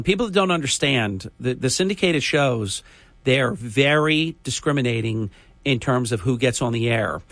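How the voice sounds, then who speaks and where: A man's voice: mid-range voice, fairly bright tone, no echo. A man hosting a morning talk radio show, talking in an emphatic, chatty way.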